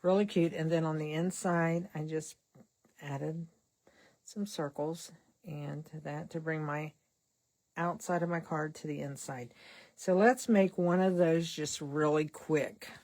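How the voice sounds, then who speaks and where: An older woman's low, slightly mellow voice carries fairly even intonation at a slow pace as she hosts her card-making channel. She works while chatting in a wandering, self-deprecating way.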